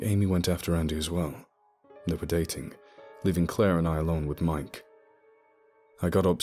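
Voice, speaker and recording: A man narrating a spooky story in the first person, telling it in a steady, low-key way. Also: husky. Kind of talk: scripted horror narration. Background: soft music.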